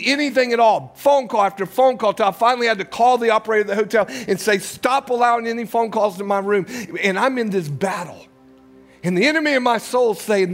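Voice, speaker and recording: A man in his sixties, a pastor, preaching a sermon and telling a personal story with big swings between loud urgency and hushed lows. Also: lively intonation, moderate pace, soft background music.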